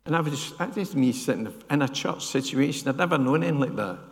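An older man delivers a sermon in a church, his voice gravelly. He keeps turning to the congregation with questions and little "yeah?" checks. The sound carries a long reverb from the hall. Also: medium pitch, animated, fast talker. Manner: asks the congregation questions, adds "yeah?" tags. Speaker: preacher.

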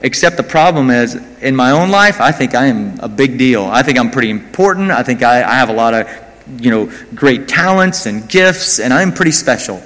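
A man's voice: mid-range voice, expressive, normal speed, a bit bright. An American man preaching a sermon, conversational and self-mocking, with asides to the congregation. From United States. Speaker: pastor. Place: church hall. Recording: long hall reverb.

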